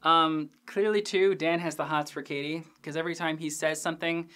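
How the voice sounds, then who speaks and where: A young man hosting a podcast, recapping an episode in a casual, animated, jokey way with crude asides and lots of fillers. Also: a little high, a little fast. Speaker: podcast host reviewing a TV episode.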